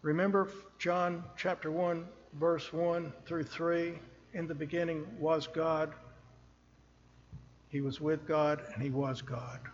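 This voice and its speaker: A man preaching a sermon from a church pulpit, speaking slowly and earnestly and pressing hard on the scripture he reads. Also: fairly high pitch, big-room sound, muffled recording, a little hiss or hum. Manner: earnest, slow and emphatic, rising on scripture.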